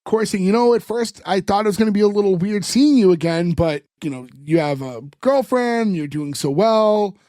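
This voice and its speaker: With a high voice, a moderate pace and hardly any pauses, a man co-hosting a podcast recaps an episode in casual conversation. He animatedly retells scenes, acts out what the characters say, and fills gaps with "like." The recording is dry, clean studio sound.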